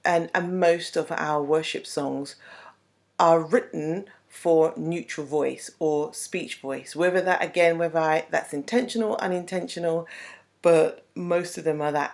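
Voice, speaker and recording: A woman vocal coach explaining singing technique to worship leaders in a chatty, unhurried way, with frequent pauses and ums. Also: low voice.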